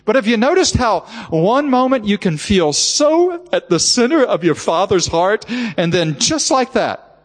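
A man's voice: high-pitched, sing-song, unhurried, big-room sound. A man preaching a sermon, telling a heartfelt personal story and often repeating the word "just.".

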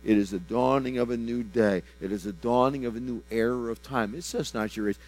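Here a prophetic minister pours out a fervent personal word, circling back on phrases, shifting from booming to hushed and low, and restarting when he stumbles. He talks a little fast over soft background music, and the audio is poor.

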